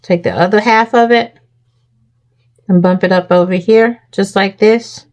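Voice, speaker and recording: A woman's voice: mid-range voice, fairly even intonation, unhurried, a little mellow. A woman hosting a crafting tutorial, walking viewers through each step and checking in with them often.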